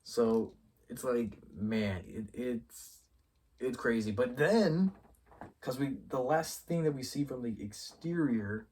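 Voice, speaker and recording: Husky-voiced man excitedly reviewing a show. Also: mid-range voice, slow pace, far from the mic. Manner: excitable and profane, acts out characters' lines mid-sentence; rambling, thinks aloud with many restarts. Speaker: YouTube show host reviewing a TV episode. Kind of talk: casual spoiler review talk.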